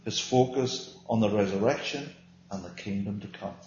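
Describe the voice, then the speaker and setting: A man's voice: lowish voice, normal speed, a little mellow, a little hiss or hum. A man teaching a small Bible study group, speaking earnestly and emphatically and often asking and answering his own questions. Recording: roomy, dull lo-fi recording.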